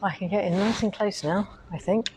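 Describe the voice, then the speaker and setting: A woman's voice: medium pitch, fairly quick, a little mellow, slight background noise. A middle-aged woman chatting casually on a livestream from a quilting showroom, rambling with asides as she moves the camera on its tripod. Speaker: host of a quilting shop livestream. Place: quilting machine showroom, indoors.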